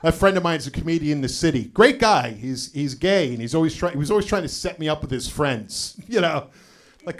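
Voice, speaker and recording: A middle-aged man on stage with a voice that sits a touch high for a man. He tells his stories casually, dropping "you know" between lines and delivering the punchlines flat and dry. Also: brisk, hardly any pauses. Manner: conversational storytelling with frequent "you know" asides. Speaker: stand-up comedian. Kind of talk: live stand-up set.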